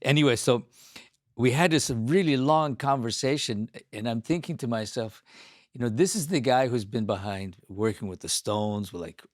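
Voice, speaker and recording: A man hosting an interview, telling stories in a lively, animated way. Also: mid-range voice, moderate pace, no echo, studio quality. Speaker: host. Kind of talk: casual interview chat.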